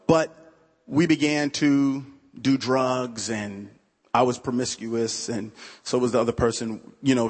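Husky-voiced man preaching in a church. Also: medium pitch, long reverb tail. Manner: conversational storytelling, many "you know" asides. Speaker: pastor. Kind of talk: sermon testimony. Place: church sanctuary.

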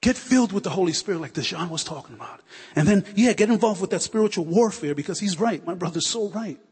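A man in his forties preaches with rising fervor, circling back on phrases as he builds to prayer. His voice sits a touch high and has a husky edge. It rings out with a long reverb, as in a church hall. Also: expressive, quick pace, darkish tone. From United States. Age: 40s. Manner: fervent, repetitive, building to prayer. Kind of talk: sermon.

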